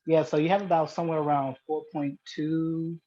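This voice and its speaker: Higher-voiced man on muffled audio. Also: level tone, dark tone. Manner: cites figures, halting restarts. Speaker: panelist. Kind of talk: casual group chat. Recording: dull lo-fi call audio.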